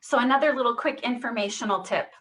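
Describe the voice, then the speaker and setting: A woman speech therapist leading a voice exercise class over a video call, modelling short phrases loudly and stressing every single word. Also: fairly high pitch, fast talker, recorded from a distance, low-quality recording. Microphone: computer mic on video call.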